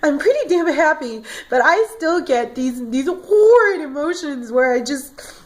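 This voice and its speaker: A woman's voice: high-pitched, expressive, unhurried. A woman vlogging about how she feels, ranting emotionally, tearful at times and stumbling over repeated words. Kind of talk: emotional personal vlog.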